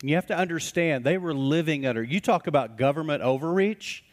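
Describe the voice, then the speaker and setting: A man's voice: fairly high pitch, brisk. A man, a pastor preaching a sermon in a church and telling folksy stories with acted-out voices. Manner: folksy storytelling, acts out quoted voices. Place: church sanctuary. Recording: reverberant church hall.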